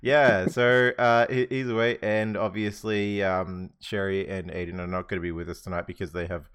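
A man's voice: low-pitched, flat delivery, normal speed, a bit bright, smooth. A man hosting a casual podcast chat among friends, laid-back, swearing and laughing often. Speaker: podcast host.

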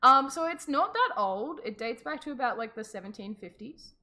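A woman co-hosting a podcast, telling a folklore story in a giggly, animated casual chat. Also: a little high, moderate pace. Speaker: podcast co-host.

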